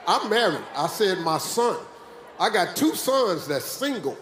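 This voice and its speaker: An older American man giving a live motivational speech in a large dome, animated, preachy and joking with the audience. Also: fairly high pitch, slow, pauses often. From West Virginia, USA. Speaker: motivational speaker. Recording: echoey dome, faint crowd noise.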